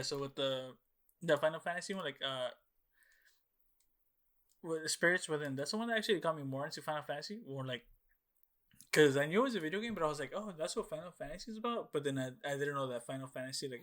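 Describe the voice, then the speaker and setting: A man's voice: medium pitch, quick pace, a bit bright. A young man co-hosting a casual podcast, telling a long rambling story full of fillers and swearing and acting out his own past reactions. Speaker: podcast co-host. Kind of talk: casual chat.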